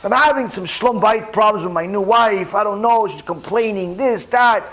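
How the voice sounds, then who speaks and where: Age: young adult. Figure: a man putting on a fretful newlywed husband, pleading and anxious. Pitch: high. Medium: sermon storytelling. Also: normal speed, fairly bright tone.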